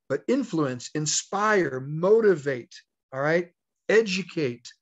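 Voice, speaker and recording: A man with a slightly high voice leads a motivational talk, telling a personal story in a folksy way. He acts out the lines of the people in it. The audio is dull and lo-fi. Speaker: network marketing leader.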